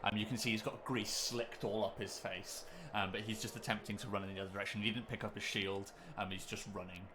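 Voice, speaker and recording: A man's voice: lowish voice, little pitch movement, fast talker, sharp tone, a little hiss or hum. A man narrating as game master of a tabletop game, describing scenes in a hesitant way with many ums and restarts.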